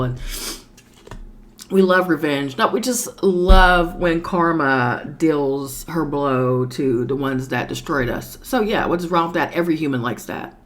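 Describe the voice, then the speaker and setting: A woman giving a casual tarot reading while sick with a cold, talking in a chatty, sassy way and swearing now and then. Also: a bass voice. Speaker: tarot reader.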